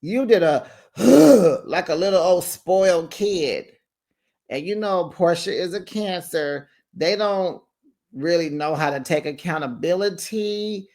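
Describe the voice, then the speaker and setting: A man hosting a reality TV recap in a sassy, animated gossip style, calling people baby and honey. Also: sits high, unhurried. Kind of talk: casual recap commentary.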